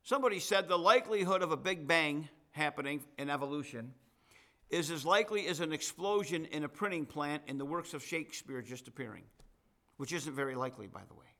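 Bright-voiced male pastor preaching. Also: a little high, animated, brisk. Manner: conversational preaching with asides and folksy humor. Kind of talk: sermon.

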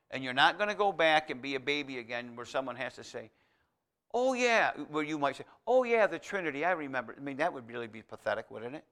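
A man preaching a conversational sermon in a folksy, emphatic way, with restarts and asides that build to loud exhortation. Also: medium pitch, clear, resonant tone.

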